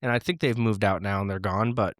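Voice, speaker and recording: A man's voice: on the low side, steady tone, a little fast, dry recording, clean studio sound. A man from the Los Angeles area, hosting a podcast in a casual, rambling monologue with many restarts. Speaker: podcast host.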